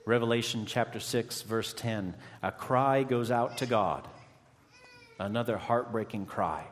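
A male preacher delivering an unhurried, dramatic sermon. He lets his voice fall almost to a murmur before climbing back into fervent emphasis. The sound rings with the long reverb of a large church sanctuary. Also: medium pitch, slight background noise. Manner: dramatic, swings from hushed to impassioned.

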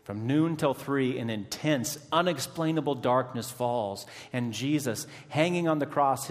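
A male preacher delivering an unhurried, dramatic sermon. He lets his voice fall almost to a murmur before climbing back into fervent emphasis. The sound rings with the long reverb of a large church sanctuary. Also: mid-range voice. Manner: dramatic, swings from hushed to impassioned.

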